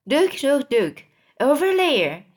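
A woman's voice: on the high side, very animated, a little slow, slightly rough, exaggerated voice. A woman doing an eager storybook ladybug. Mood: excited. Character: excitable female ladybug.

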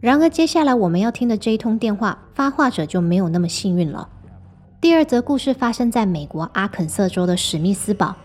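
Calm female storyteller reading a script, mid-range voice, with light music underneath. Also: medium pitch, fast talker. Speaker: storytelling host. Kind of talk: scripted narration.

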